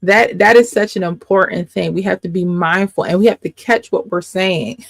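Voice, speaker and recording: A woman coach delivers an informal faith lesson straight to camera, pressing her points by repeating them. Her voice carries a gravelly fry, and the sound is close and dry with no room around it. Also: on the low side, steady tone, dry recording. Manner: emphatic, repeats points, quick asides and laughs. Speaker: life coach and faith teacher. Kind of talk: casual faith teaching to camera.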